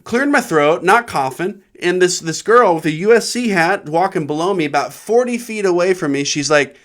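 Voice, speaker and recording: A man's voice: sits high, a little fast, fairly bright tone. A man from Nebraska, a comedian hosting his own show, telling a rambling, profane story. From Nebraska, USA. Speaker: comedian podcast host.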